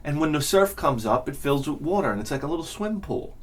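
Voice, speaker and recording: Brisk and pitched on the high side, this middle-aged vlog host launches into a comedic rant, cursing and clearly fed up as he tells his story with plenty of animation.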